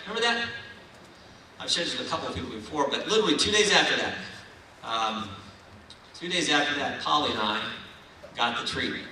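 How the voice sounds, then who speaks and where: A man's voice: on the high side, expressive, brisk, pauses often, bright, forceful tone, a little hiss or hum. A man from Ohio giving a folksy, rousing keynote speech at a political dinner in a large banquet hall. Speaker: keynote speaker. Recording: echoey hall, mic heard from far.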